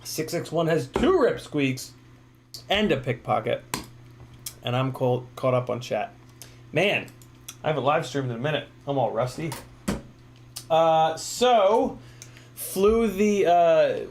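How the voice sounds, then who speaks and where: Dude on a live stream, kinda hoarse, lots of ums, slightly high voice. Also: male voice, lively intonation, slow, long pauses, a little hiss or hum. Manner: rambling, reads chat aloud, many fillers. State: losing his voice. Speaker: livestream host. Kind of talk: casual live stream chat.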